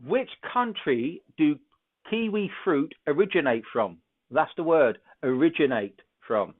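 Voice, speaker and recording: A man's voice: fairly high pitch, lively intonation, unhurried. A man hosting a psychic show, chatty and joking as he gives card readings and runs a quiz over a video call. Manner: chatty, joking, thinks aloud. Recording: tinny phone-like line.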